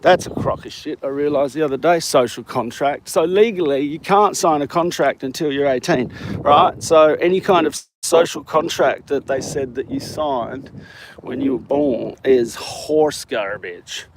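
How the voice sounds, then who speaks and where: An Australian man vlogs live while out walking, rambling and cracking jokes with his viewers. His voice is slightly high and a bit slow, with plenty of noise around him.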